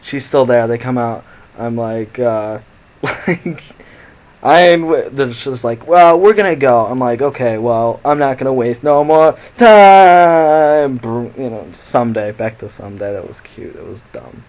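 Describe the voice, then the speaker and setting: A man's voice: mid-range voice, measured pace, low-quality recording. Rambling, profane young man telling stories. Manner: rambling, profane, laughs at his own jokes. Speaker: vlogger. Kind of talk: casual storytelling to camera. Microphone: phone.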